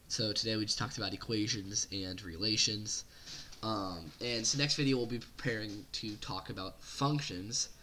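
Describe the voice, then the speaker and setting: A man giving a casual algebra lesson while sick, explaining each step in a relaxed way with small fillers. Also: fairly low pitch, a little hiss or hum. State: sick, stuffy voice. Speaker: algebra tutor.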